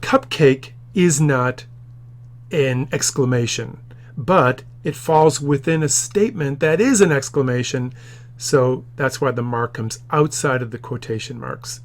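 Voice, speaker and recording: A man in his office teaching a grammar tutorial, explaining patiently and acting out quoted lines with the odd loud shout. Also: medium pitch, a little slow.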